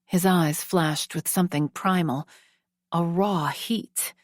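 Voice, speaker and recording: A woman narrating a first-person romance audiobook in a slow, hushed, measured reading. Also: fairly low pitch, dry recording, studio quality.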